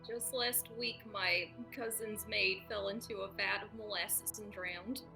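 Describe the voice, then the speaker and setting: A woman playing a tabletop role-playing game, tossing out deadpan dark jokes. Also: mid-range voice, measured pace, gravelly, soft background music. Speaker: player. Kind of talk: tabletop role-play banter.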